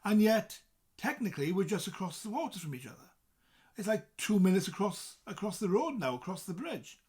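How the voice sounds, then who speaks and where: South welsh accent, casual explainer, chatty, reads from a list, mid-pitched voice. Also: very animated, a little fast, darkish tone, husky. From South Wales. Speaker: presenter explaining dialects.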